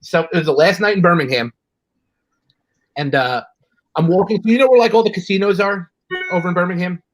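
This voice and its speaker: A man's voice: high-pitched, fairly quick, dry recording, low-quality recording. A man with a New York accent, hosting a casual chat and telling rambling stories with lots of restarts. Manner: rambling, chatty storyteller with many restarts. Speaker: host.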